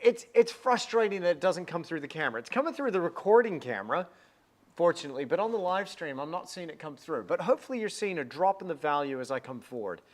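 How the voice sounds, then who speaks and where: A middle-aged man teaching painting on a livestream, talking in an energetic, rambling way with many restarts. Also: on the high side, fast talker. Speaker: art teacher hosting a livestream. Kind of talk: casual livestream chat while painting.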